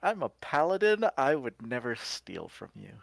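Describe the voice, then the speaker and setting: A man voicing a good-natured, hesitant paladin with a big appetite in a tabletop game, mild and halting. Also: mid-range voice, wildly swooping pitch, vocal fry, no room sound, pitched above the performer's own voice.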